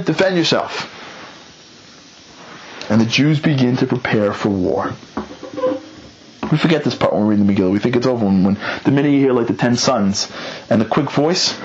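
A man casually retelling a story, bringing the quoted characters to life with changes in pitch and pace. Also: lo-fi sound, a little hiss or hum. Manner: lively, acts out quotes with shifting pitch and pace.

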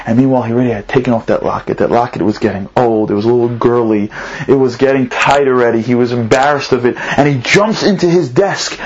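A man preaching through an animated story, repeating phrases for emphasis. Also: medium pitch, brisk, husky, lo-fi sound. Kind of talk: storytelling sermon.

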